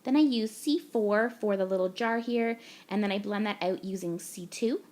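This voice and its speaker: A woman's voice: mid-range voice, moderate pace, darkish tone. A young woman from Canada, gushing and chatty as she talks through a card-making tutorial voice-over step by step.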